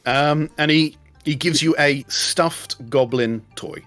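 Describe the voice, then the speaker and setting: Joking game master man, slightly high voice. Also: a bit bright, soft background music. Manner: jokey, puts on quick character voices. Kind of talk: narrating a tabletop game.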